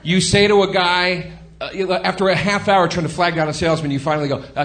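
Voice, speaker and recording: A man's voice: sits high, fairly even intonation, quick pace, a bit bright. A man ranting through comic stories as a podcast guest, swearing freely and acting out the people he quotes. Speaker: comedian guest. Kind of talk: comedic storytelling on a podcast.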